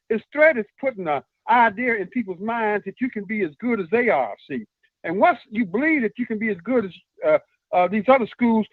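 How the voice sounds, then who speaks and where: A man calls in with an earnest, halting argument, pausing often on "uh". His voice sits fairly high for a man. It comes through a thin, tinny phone line with a dry sound. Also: no room sound. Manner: earnest, halting, many "uh" pauses. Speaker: caller. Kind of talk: earnest call-in commentary.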